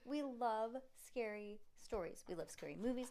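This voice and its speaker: Excitable chatty mom podcast host. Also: female voice, mid-range voice, fairly quick, vocal fry, few pauses. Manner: chatty, excitable, rambling asides. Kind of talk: casual chat reading to kids.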